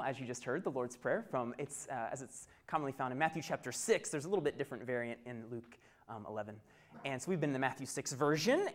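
A man preaching a sermon as pastor, telling stories in a chatty, animated way with asides. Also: fairly high pitch.

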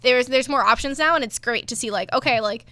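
Bright-voiced, chatty woman co-host. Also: on the high side, brisk, no room sound. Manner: chatty, laughing often. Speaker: podcast co-host. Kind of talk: casual chat.

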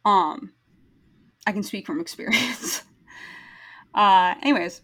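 A woman's voice: medium pitch, lively intonation, moderate pace, pushed and bright, poor audio. A woman hosting a podcast, recapping a film in casual chat, blunt and opinionated and swearing freely. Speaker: podcast host.

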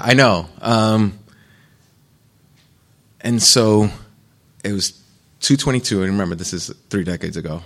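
A man in midlife from the United States tells his testimony at a retreat in a loose, candid, conversational way. His voice sits fairly low and carries a gravelly, fry-edged texture. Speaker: retreat speaker. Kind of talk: personal testimony talk.

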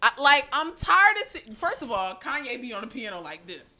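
A woman co-hosting a loose podcast chat, full of slang and cursing. Her voice is bright and a bit high, and it jumps all over the place as she riffs. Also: normal speed. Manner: animated, slangy, profane banter. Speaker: podcast co-host. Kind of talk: casual chat.

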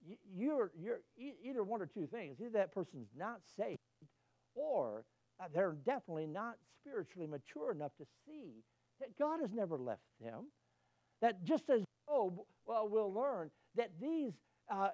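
A high-pitched man preaches a sermon. He tells homely stories in a folksy way and climbs to emphatic peaks when he presses a point. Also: darkish tone, rough recording.

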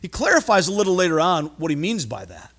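A man preaching a sermon, animated and acting out voices, often stumbling and repeating words. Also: sits high, quick pace. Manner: animated, acts out voices in quotes. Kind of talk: expository sermon.

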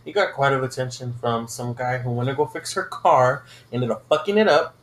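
A man's voice: mid-range voice, animated, fairly quick, fairly bright tone, a little hiss or hum. Man telling a story in a roomy space. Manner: profane, rambling storyteller. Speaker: podcast co-host. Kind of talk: casual chat.

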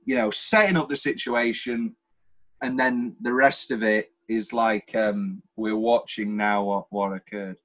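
Here a podcast co-host talks about a film with casual enthusiasm, rambling and starting over as he goes. His voice is lowish and a bit bright, and he keeps a measured pace.

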